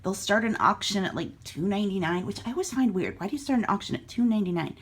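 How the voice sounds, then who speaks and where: A middle-aged woman from Iowa at home chats through her online sales in a casual vlog. Her voice sits at an ordinary middle pitch. She talks frankly and plainly about what she paid and what things sold for. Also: animated, fast talker. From Iowa, USA. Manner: chatty, frank, matter-of-fact about prices. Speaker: online reseller vlogger.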